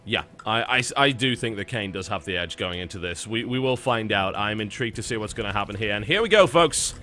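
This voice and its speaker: A man's voice: fairly low pitch, fast talker, sharp tone, soft background music. A man casting a live esports match, talking wryly and at length about the games and the format. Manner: wry, talkative play-by-play. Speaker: esports caster. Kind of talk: live game commentary.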